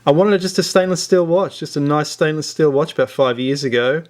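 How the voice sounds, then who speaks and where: A man's voice: fairly high pitch, brisk, a little mellow. A man hosting a casual watch review vlog, rambling along with many fillers and restarts. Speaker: watch reviewer, channel host.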